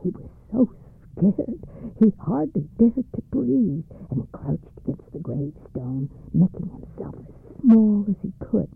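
A storyteller reading a folktale aloud in a measured, expressive way. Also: medium pitch, gravelly, slight background noise. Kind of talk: storybook narration. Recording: dry, phone-like narrow band.

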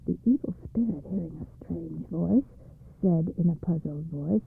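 A storyteller reading a folktale aloud in a measured, expressive way. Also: medium pitch, gravelly, slightly rough. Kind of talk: storybook narration. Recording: dry, phone-like narrow band.

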